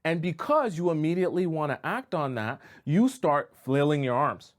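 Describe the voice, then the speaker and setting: A man's voice: fairly high pitch, expressive, moderate pace. A man giving relationship advice as a coach, talking casually and checking in with "right?" and "okay?" as he acts out examples. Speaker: dating coach. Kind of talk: advice monologue to camera.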